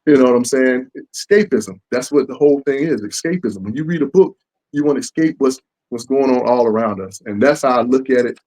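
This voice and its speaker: Animated man acting out fans' reactions. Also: mid-range voice, fairly quick, poor audio. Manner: animated, acts out fans' lines. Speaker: comic book creator. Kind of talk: casual interview.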